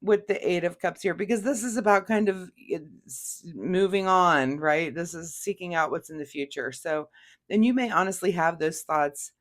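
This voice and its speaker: A woman's voice: lowish voice, normal speed. Chatty woman giving a tarot reading. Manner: chatty, laughs often, many fillers and restarts. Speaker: tarot reader.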